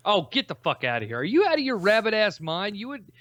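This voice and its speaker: A man's voice: high-pitched, huge pitch swings, fast, a bit bright, no room sound, lo-fi sound. A young man co-hosting a live show, teasing his friend and cursing in a casual way. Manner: teasing, laughs often, profane. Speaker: podcast co-host. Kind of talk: casual chat.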